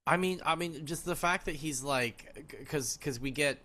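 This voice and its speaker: A man's voice: a little high, normal speed, pushed and bright. A man co-hosting a podcast, reacting to a book in casual chat full of sarcastic, mocking riffs. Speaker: podcast co-host.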